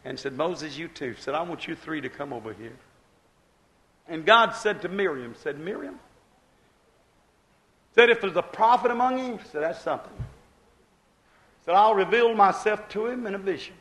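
A male preacher giving a sermon, retelling scripture in folksy dialect and dropping low, then rising loud, when quoting God. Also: lively intonation, normal speed. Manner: storytelling preacher who acts out God's voice low and rising loud.

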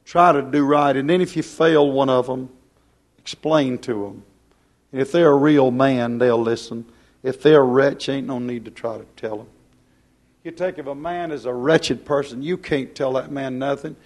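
A man preaching a plain-spoken, folksy sermon, swinging from loud to hushed. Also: medium pitch, fairly even intonation, moderate pace.

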